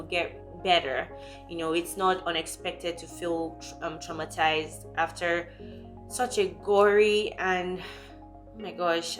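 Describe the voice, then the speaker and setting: A young woman from Nigeria, talking candidly and emotionally in a personal vlog, quick and full of fillers. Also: lowish voice, fairly bright tone. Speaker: vlogger.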